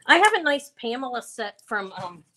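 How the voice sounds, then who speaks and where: A woman's voice: fairly high pitch, big pitch swings, moderate pace, sharp tone. A woman hosting a live online jewelry auction, chatting casually and rambling with fillers and self-corrections. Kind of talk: casual live-stream selling chat.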